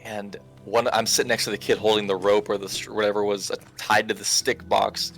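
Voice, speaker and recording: Over a remote call with screen share, a twentysomething game commentary co-host spins a casual, funny story while playing. He speaks briskly in a lowish, slightly bright voice with little pitch movement, laughing a lot and tripping over fillers and restarts, while soft music plays behind him.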